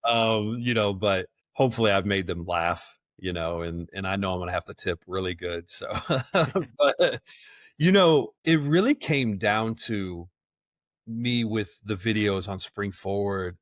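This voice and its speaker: Folksy, lower-voiced man guest. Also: measured pace, no room sound, clean studio sound. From South Georgia, US. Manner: folksy, enthusiastic, laughs often, repeats words. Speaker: guest, event rental business owner. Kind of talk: casual podcast interview.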